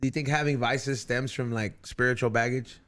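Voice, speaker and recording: A man's voice: mid-range voice, steady tone, normal speed, fairly bright tone. A man hosting a podcast in loose, rambling casual chat, swearing freely. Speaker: podcast host.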